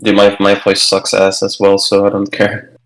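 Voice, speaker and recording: A man's voice: fairly low pitch, completely flat delivery, moderate pace, a bit bright, poor audio. A man chatting casually in an online book club call, explaining things loosely with lots of fillers and restarts. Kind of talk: casual online group chat. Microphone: video call microphone.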